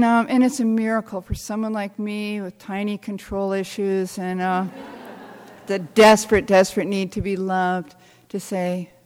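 An older woman giving a talk to an audience, telling wry, self-deprecating stories in an animated way. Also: medium pitch. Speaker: speaker. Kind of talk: storytelling talk to a live audience. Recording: long hall reverb.

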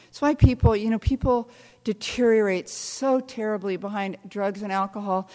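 A woman's voice: mid-range voice, moderate pace. Wry older woman telling stories in a hall. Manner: wry, self-deprecating, animated storytelling. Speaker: speaker. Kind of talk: storytelling talk to a live audience. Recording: long hall reverb.

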